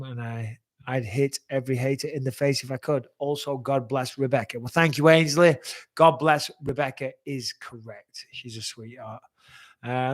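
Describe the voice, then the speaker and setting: Man, 40s, live-stream host. Slightly raised pitch, blunt and chatty, swears freely while answering viewer questions. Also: a bit bright.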